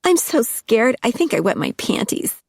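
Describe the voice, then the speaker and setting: A woman voicing a drunk, ditzy young blonde woman who whines and giggles in a high, squeaky voice. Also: big pitch swings, a little slow, no echo, clean studio sound. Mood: tipsy, whiny. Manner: high-pitched, whiny party-girl voice.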